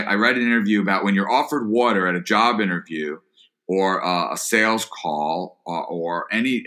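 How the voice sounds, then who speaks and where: Speaking earnestly in a fairly low, pushed and bright voice, this podcast guest, an entrepreneur and author, takes up the topics of leadership and listening. He tends to repeat words whenever he starts a phrase.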